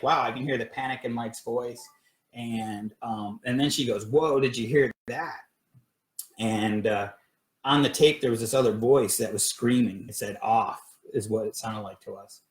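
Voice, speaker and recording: A man's voice: fairly low pitch, reverberant. A man casually telling a personal story on a livestream, rambling with many fillers and restarts. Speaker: paranormal research group director. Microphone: phone or webcam livestream.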